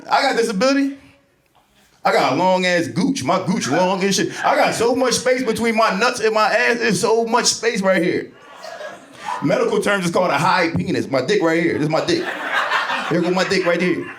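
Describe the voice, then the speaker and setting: A man tears through a crude, brash stand-up set in a high voice, shouting out the punchlines. The club sound is roomy with a faint hiss of noise behind him. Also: moderate pace. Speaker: stand-up comedian. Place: comedy club stage before a laughing audience.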